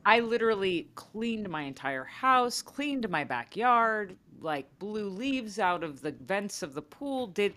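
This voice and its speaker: Animated mom telling stories on a podcast. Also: female voice, mid-range voice, takes it slowly, few pauses. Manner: animated storytelling, acts out her kids' voices. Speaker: podcast co-host. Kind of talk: casual chat.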